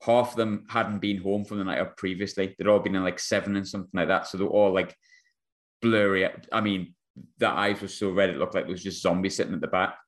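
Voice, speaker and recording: A man's voice: low-pitched, fast. A young man, hosting a podcast and telling a funny story in casual, slangy chat. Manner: animated, laughing storyteller, slangy. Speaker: podcast host.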